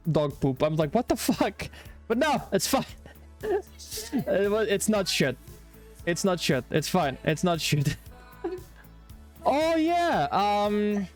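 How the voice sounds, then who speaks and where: A man streaming live, chatting casually with his viewers in an excitable, rambling, playful way and swearing freely. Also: high voice.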